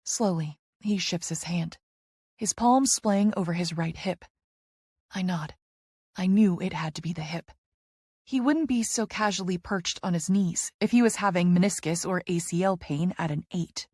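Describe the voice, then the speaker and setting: A woman narrating a first-person romance audiobook, expressive, moving between soft narration and heated dialogue. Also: fairly low pitch, normal speed, no room sound, clean studio sound.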